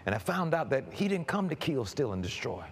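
A man preaching a personal testimony, swinging from quiet storytelling to shouted emphasis and often stammering repeated words. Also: medium pitch, very animated, fairly quick, slightly rough. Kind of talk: sermon testimony.

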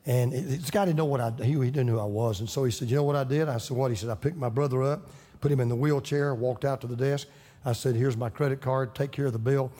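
A man's voice: mid-range voice, fast talker, mellow, big-room sound. A man, a pastor, telling a story in his sermon and building to fervent preaching.

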